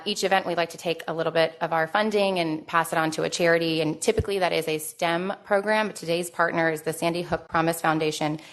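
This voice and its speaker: A woman with a fairly low voice emcees a conference. She reads the announcements and the speaker introduction in a steady, formal way. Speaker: event emcee.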